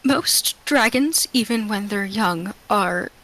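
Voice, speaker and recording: A woman playing a soft, polite young man. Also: mid-range voice, lively intonation, slow, poor audio.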